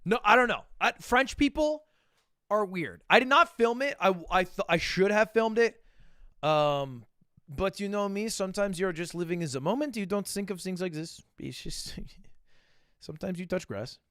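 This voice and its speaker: Chatting with his stream at a moderate pace, a young man spins animated, profanity-laced stories, swinging between loud outbursts and mumbled asides. His voice sits high, and the studio-quality audio has no echo.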